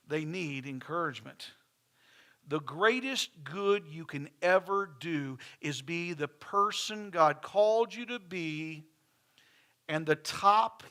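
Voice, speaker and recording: A man's voice: sits high, bright, forceful tone. A middle-aged man preaching a sermon in a church, folksy and conversational, with restarts and asides to the congregation. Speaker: pastor. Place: church sanctuary.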